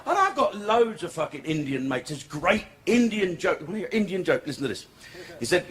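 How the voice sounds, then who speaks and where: A man's voice: high voice, big pitch swings, quick pace, a bit bright. A man doing a crude, provocative stand-up routine in a comedy club. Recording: comedy club with crowd noise.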